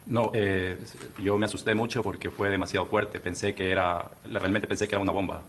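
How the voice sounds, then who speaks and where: Male trial witness, deep voice, rapid and hesitant. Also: flat delivery, noisy background. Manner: hesitant, with "eh" fillers. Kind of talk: courtroom testimony.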